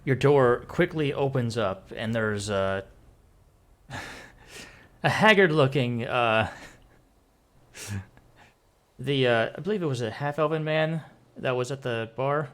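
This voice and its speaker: A man's voice: medium pitch, expressive, slow pace, long pauses, a bit bright. A man narrating as game master of a tabletop game in a casual, loose way with laughing asides.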